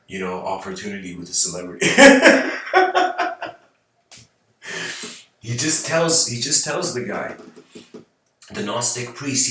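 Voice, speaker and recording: A man's voice: lowish voice, sharp tone. A man telling a story as a rambling talk, hesitant and full of restarts. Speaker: channel host giving a talk. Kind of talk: rambling spoken storytelling lecture. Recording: very echoey room, far from mic.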